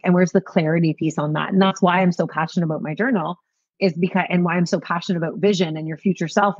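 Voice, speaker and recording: A woman from Canada, guest on a podcast, talking in an animated, earnest self-help way. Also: lowish voice, slightly rough, no echo, lo-fi sound. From Greater Toronto Area, Canada. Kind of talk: casual conversational interview.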